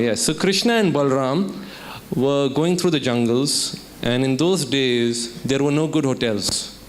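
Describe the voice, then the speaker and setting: At a student summit, an Indian man delivers a motivational keynote in a lecture hall, weaving in a story and posing questions to the audience. His voice sits in the mid-range, with a faint hiss or hum underneath.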